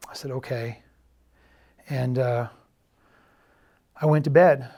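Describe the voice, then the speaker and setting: Quiet man telling a personal loss. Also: medium pitch, fairly even intonation. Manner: quiet, halting storytelling that quotes others' words. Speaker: church testimony speaker. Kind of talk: personal testimony. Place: church.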